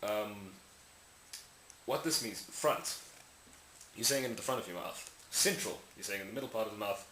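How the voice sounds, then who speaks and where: A man's voice: fairly low pitch, normal speed, sharp tone. A man casually explaining speech sounds in a lesson, rambling and correcting himself while he demonstrates each sound aloud. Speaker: language tutorial maker. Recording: echoey room with faint hiss.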